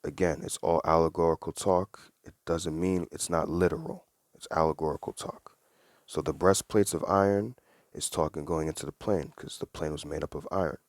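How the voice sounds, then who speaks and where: A man's voice: a bass voice, fairly even intonation, moderate pace, no echo, studio quality. A man giving a casual Bible study, reading verses aloud and explaining them in an earnest, conversational way. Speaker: Bible teacher.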